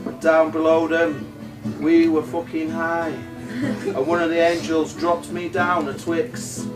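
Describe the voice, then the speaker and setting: Male comic storyteller, sweary, laughing, high-pitched, distant roomy live sound over loud music. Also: little pitch movement, slow pace. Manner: sweary, laughs at his own jokes.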